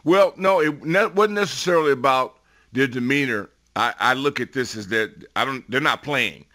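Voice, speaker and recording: A middle-aged man giving football analysis as a radio guest, emphatic and building to loud bursts on his points. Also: medium pitch, normal speed. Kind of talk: sports radio talk.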